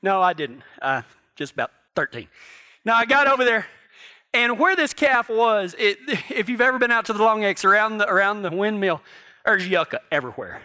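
A man preaching a sermon as a cowboy church pastor, telling folksy ranch stories and swinging between hushed moments and loud outbursts. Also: high-pitched, lively intonation, normal speed.

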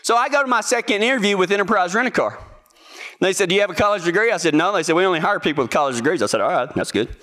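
A man's voice: high voice, animated, racing, bright, forceful tone. A young man telling a casual, self-amused story and acting out the other people in it. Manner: folksy, self-amused, acts out the voices in his anecdote.

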